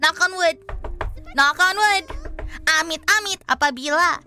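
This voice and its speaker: Bright high-voiced woman streamer, lively chatter, soft music underneath. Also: normal speed. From Indonesia. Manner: animated, switches between Indonesian and English, laughs often. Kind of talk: casual livestream chat. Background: soft background music.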